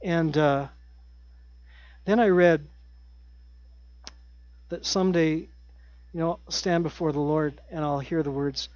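A middle-aged man preaching a sermon in an earnest way, repeating his key phrases and dropping his voice to a hush at times. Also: a little high, fairly even intonation, slow, long pauses, dry recording, muffled recording. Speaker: pastor.

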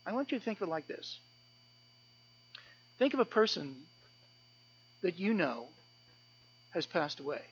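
A man's voice: high voice, sing-song, a little slow, pauses often, lo-fi sound, slight background noise. A man preaching a sermon to a church, earnest and emphatic, often repeating words as he builds a point. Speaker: pastor. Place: church service.

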